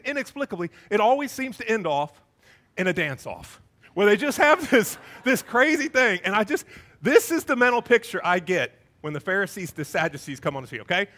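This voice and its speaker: Lively high-voiced male pastor. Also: brisk. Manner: animated storytelling, acting out scenes. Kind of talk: sermon.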